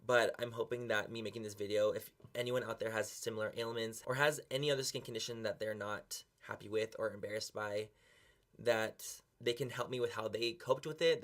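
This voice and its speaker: A man's voice: fairly low pitch, fairly quick, a bit bright. A young man talking earnestly and emotionally to camera in a confessional vlog, close to tears and swearing casually. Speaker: beauty vlogger.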